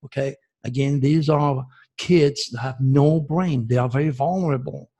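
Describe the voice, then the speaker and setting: A man's voice: medium pitch, moderate pace, warm tone. A man from France, hosting an astrology show in a passionate, ranting monologue that turns emotional. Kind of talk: impassioned video monologue.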